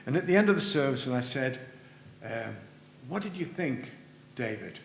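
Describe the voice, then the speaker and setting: A man's voice: big pitch swings, normal speed. Earnest male preacher in a roomy church. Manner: earnest, rises in pitch and volume for emphasis, drops low at ends of phrases. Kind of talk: sermon. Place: church sanctuary. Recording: roomy church with faint hum.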